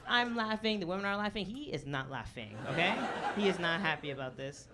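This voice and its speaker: A man's voice: high-pitched, a little slow, long pauses. A man telling a story in a stand-up comedy set on a club stage, chatty and full of asides, with the audience laughing. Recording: live club recording with audience noise.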